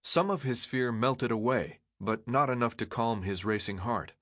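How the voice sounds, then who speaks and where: Narrating an audiobook, a man tells the story expressively in a medium-pitched voice. He moves at a moderate pace, and the recording has no echo.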